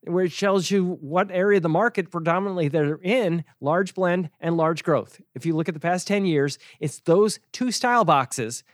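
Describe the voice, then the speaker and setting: A man with a fairly high voice talks casually as a host, explaining things step by step. His asides turn sarcastic and he chuckles often. The sound is dry and close. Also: normal speed, few pauses, no echo. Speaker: podcast host and financial educator.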